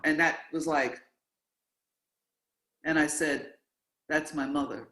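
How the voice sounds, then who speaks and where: A man with a fairly high voice tells a long story in a relaxed, conversational way. He acts out the voices of the people he quotes. The room has a roomy echo around him. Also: takes it slowly, pauses often. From New York.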